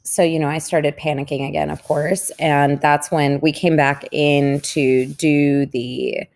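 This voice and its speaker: A woman's voice: low voice, flat delivery, unhurried, darkish tone. A woman, a parent of a young patient, recounting her experience in earnest, reflective casual conversation.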